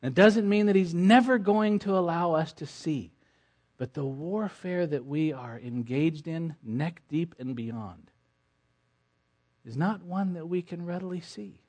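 A man preaching a sermon, swinging between quiet, low passages and forceful, emphatic stretches, and ending in prayer. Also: unhurried.

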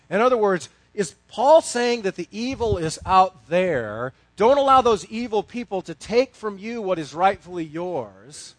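A male pastor preaching with a high, lively voice that leaps up and drops low. He tells a story, moving from hushed tones to loud bursts. The sound is close and dry, with no room echo. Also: measured pace. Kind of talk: sermon.

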